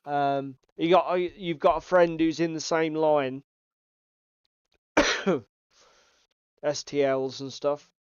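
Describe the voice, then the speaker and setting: Slow, easygoing man for a casual chat podcast, smooth and clear, dry sound. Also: on the high side, steady tone, dry recording. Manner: chatty, swearing, reads out chat comments. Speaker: podcast co-host. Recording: dull, slightly lo-fi sound.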